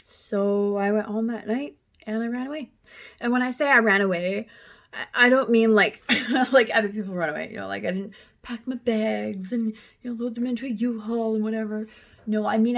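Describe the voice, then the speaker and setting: A woman in her thirties speaks candidly about a painful stretch of her life, her voice mid-pitched and plain. She talks emotionally, with small laughs slipping in at the hardest moments, and her words come unpolished and direct. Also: moderate pace. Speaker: speaker sharing personal story. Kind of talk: personal storytelling.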